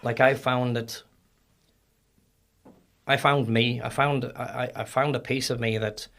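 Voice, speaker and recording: Man, Northern Irish accent, middle-aged, gravelly, flat delivery, halting and repetitive. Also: mid-range voice. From Northern Ireland. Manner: halting, repeats words as he recalls. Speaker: guest. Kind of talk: casual interview storytelling.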